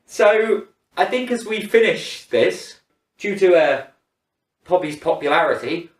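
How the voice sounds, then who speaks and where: A man, a dog walker gushing with excitement and laughing often as he talks through his week on a live stream. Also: sits high, measured pace, husky. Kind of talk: casual live stream roundup.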